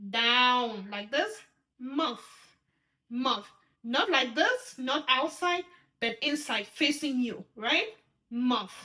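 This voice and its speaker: A woman's voice: high-pitched, bright, forceful tone. A woman teaching sign language step by step, patiently repeating each word and checking in with her viewers. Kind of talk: step-by-step instruction.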